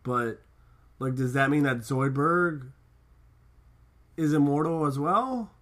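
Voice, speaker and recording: A man's voice: a little high, takes it slowly, fairly bright tone. A man chatting casually and enthusiastically, rambling with lots of filler words as he recaps a cartoon episode. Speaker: podcast co-host.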